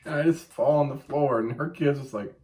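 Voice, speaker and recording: A man with a mid-range voice talks briskly as a podcast co-host. He tells stories animatedly in casual chat and swears freely.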